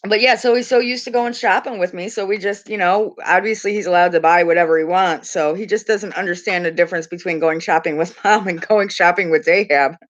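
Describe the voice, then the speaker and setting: A middle-aged mother chats casually on her live stream in a lowish, fairly even voice, talking a little fast with few pauses. She's a chatty storyteller who giggles often and mimics the voices of the people in her stories. The audio has its highs cut off.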